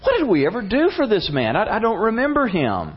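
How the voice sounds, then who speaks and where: A man's voice: sits high, wildly swooping pitch, slow, breathy edge, voice pushed up, full character voice. A man doing a bewildered old-world king. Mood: puzzled. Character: puzzled ancient male king. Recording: dull lo-fi recording.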